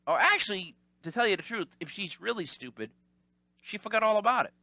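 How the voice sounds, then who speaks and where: Male podcast host, rambling storyteller, lively pitch, bright tone, dry close sound. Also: fairly quick, no room sound. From Italian-American family. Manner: animated, rambling, mimics callers. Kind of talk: casual storytelling monologue.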